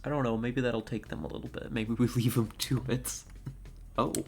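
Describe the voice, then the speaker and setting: A woman's voice: extremely low pitch, steady tone, moderate pace, a little mellow, soft background music. A woman streaming a video game, talking casually and in an easily moved way, with lots of fillers and laughter. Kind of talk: casual live-stream commentary.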